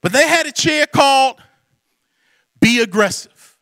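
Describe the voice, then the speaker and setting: A middle-aged man preaching a sermon, swinging from soaring shouts to hushed prayer. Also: extremely high pitch, animated, a little slow, dry recording, studio quality. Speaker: pastor.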